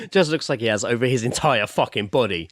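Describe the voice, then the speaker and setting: A man's voice: medium pitch, expressive, moderate pace, dry recording, studio quality. A young man telling a story on a podcast, laughing and swearing. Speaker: podcast co-host. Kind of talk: casual chat, storytelling.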